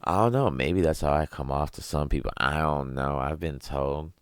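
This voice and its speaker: A young man hosting a podcast, with a very deep voice, ranting casually and profanely, rambling and laughing at his own jokes. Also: moderate pace, smooth, no echo, studio quality. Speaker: podcast host.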